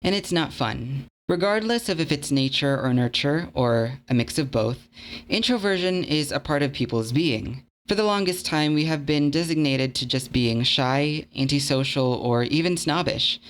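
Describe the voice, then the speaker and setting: A man's voice: on the high side, expressive, moderate pace, fairly bright tone. A young man narrating a video essay in an earnest, conversational, slightly self-deprecating way. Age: young adult.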